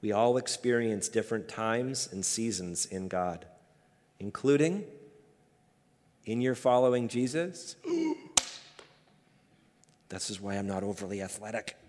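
A man preaching a sermon as pastor, emphatic and building to loud peaks. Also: on the low side, moderate pace, slight background noise. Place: church sanctuary. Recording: hall reverb.

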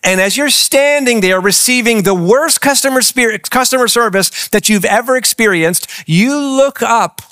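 A man's voice: very high voice, normal speed, few pauses, sharp tone, no echo, clean studio sound. A man preaching a sermon as pastor, asking the congregation questions as he goes. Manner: engaging, asks the congregation questions. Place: church with several campuses.

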